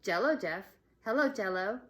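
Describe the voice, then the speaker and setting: A woman voicing a bossy, giggly schoolgirl who taunts a boy loudly. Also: animated, moderate pace, close to an everyday voice. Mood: teasing. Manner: loud, shrill teasing.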